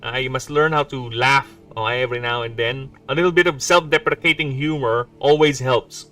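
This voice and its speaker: A man's voice: medium pitch, steady tone, fairly quick, bright, forceful tone. Rambling, joking man streaming from afar. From Philippines. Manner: rambling, joking, self-mocking asides. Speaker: indie game developer streamer. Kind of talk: casual livestream chat, reading lore aloud. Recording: distant mic with background music.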